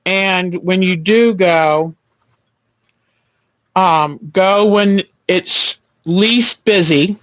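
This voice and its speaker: Slow, gentle man chatting while sewing. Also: high voice, no echo, rough recording. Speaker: quilting livestream host. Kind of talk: casual chat while sewing.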